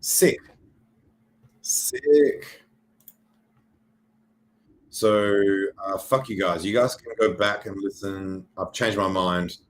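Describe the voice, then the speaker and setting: A man's voice: low-pitched, steady tone, measured pace, few pauses, a bit bright, low-quality recording. An Australian man hosting a livestream, talking through crypto charts in a rambling, jokey and profane way. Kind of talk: casual livestream chart commentary.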